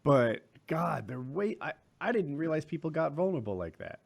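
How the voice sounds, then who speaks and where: A man's voice: on the high side, very animated, normal speed, gravelly. A man hosting a podcast who halts and stumbles over his words during a casual chat. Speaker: podcast host.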